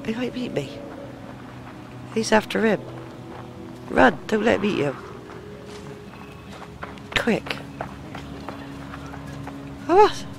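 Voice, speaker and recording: A British woman gives excitable let's play commentary over game music, swearing and shrieking at the action. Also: medium pitch, takes it slowly, creaky, long pauses. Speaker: gamer.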